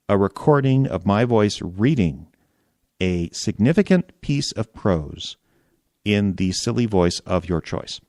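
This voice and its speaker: Relaxed, low-voiced male podcast host. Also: slow pace, dry recording, clean studio sound. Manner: chatty, relaxed, self-deprecating. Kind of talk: casual podcast talk.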